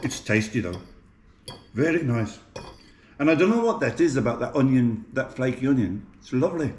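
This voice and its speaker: A home cook vlogger from Birmingham, England, with a Birmingham accent chats to his viewers while cooking in his home kitchen, joking at his own expense. His mid-range voice is animated and darkish in tone, at a normal speed. The kitchen is echoey, with faint clatter.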